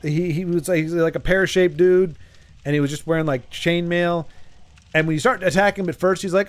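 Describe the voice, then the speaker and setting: Male streamer, slightly higher-pitched voice, loose and jokey, rambling to chat mid-game. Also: fairly even intonation, fairly quick. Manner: joking, rambling, talks to chat. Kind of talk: casual gameplay commentary.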